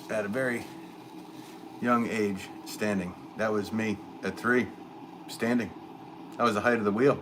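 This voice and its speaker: A male potter chatting casually on a live stream from his studio, reading out viewer comments, rambling and easygoing with lots of fillers and frequent laughs. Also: fairly low pitch. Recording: steady background noise in the room.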